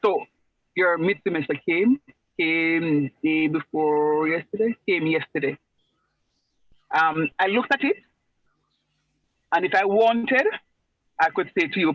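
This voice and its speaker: Lecturer guy on a video call, chatty, repeats himself a lot, kinda high voice, muffled sound. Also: slow pace, pauses often, no room sound. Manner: chatty, repeats phrases for emphasis. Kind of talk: online class lecture.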